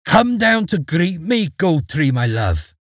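A man's voice: on the high side, very animated, unhurried, slightly rough, no echo, clean studio sound, pitched above the performer's own voice, exaggerated voice. A man voicing a vain, wicked queen who sneers and fakes sweetness, in a storybook reading. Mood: falsely sweet.

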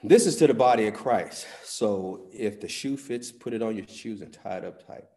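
A pastor preaching a sermon, folksy with "y'all", swinging between loud bursts and hushed asides. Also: male voice, on the low side, normal speed. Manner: folksy talk with "y'all" and "ain't".

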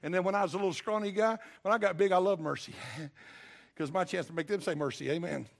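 A man's voice: high voice, a little fast, gravelly. An older man preaching a sermon as pastor, with a folksy, emphatic delivery that keeps calling on the congregation to respond. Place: church sanctuary.

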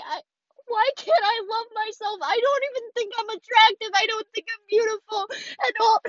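Tearful teenage woman with a very high voice. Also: fairly bright tone, no room sound, lo-fi sound. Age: 18, late teens. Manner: emotional, swearing heavily, halting. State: crying, voice shaking. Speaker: podcaster. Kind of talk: raw confessional monologue. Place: inside a parked car.

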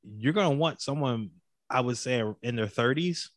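A man in casual conversation as a podcast co-host, animated and opinionated, laughing often. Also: mid-range voice, moderate pace, no echo. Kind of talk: casual chat.

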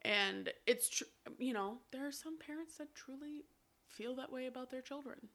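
A woman co-hosting a podcast, casually recapping a musical with lively, swearing retellings. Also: sits high, moderate pace. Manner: animated, swears casually, acts out quotes. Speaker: podcast co-host.

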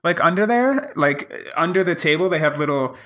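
A man with a bright, forceful voice retells a mishap on a podcast. He swears freely, acts out each quoted line, and sits a little higher in pitch than most men. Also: normal speed. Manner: profane, animated retelling with acted-out quotes. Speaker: podcast co-host. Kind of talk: casual storytelling chat.

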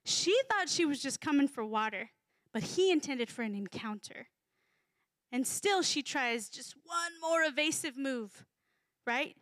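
High-voiced woman preaching conversationally. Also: measured pace, no echo. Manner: conversational, animated, acts out voices in quotes. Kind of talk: sermon.

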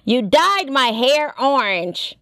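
A woman voicing a prickly teenage girl with a gruff voice who answers in curt, blunt lines. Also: high voice, expressive, takes it slowly, dry recording, voice pushed up, heavily acted. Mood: sullen.

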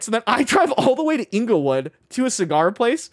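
A man telling a long story in casual chat, animated, acting out his friends' voices and filling his talk with "like" and "right?". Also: very high voice, dry recording. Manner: fast, full of "like" and "right?".

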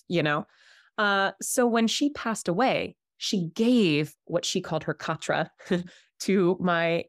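A woman in her thirties, a Reiki healer, telling a personal story in a casual, animated way and acting out the voices of the people she quotes. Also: fairly low pitch, creaky, no room sound, clean studio sound. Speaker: podcast guest, Reiki healer.

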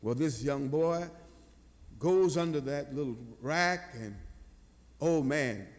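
Older pastor, high lively voice, slow storytelling sermon, long church echo. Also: male voice. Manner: animated storyteller, slow and drawn-out.

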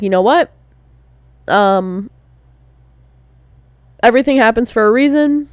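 A woman's voice: fairly high pitch, a little mellow, dry recording, clean studio sound. A young woman in her twenties talking candidly in a personal vlog, casual, with lots of fillers and swearing. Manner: slow, drawn-out delivery. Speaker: vlogger.

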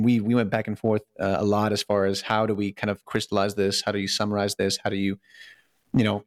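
A man's voice: on the low side, no echo, clean studio sound. A man co-hosting a casual podcast discussion, talking earnestly, restarting his sentences often and asking rhetorical questions. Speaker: podcast co-host.

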